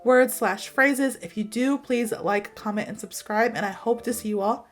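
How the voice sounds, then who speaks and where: Animated young American woman telling a story. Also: a little high, normal speed, soft background music. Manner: animated, dramatic, slangy. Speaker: English teacher. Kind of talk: storytelling lesson to camera.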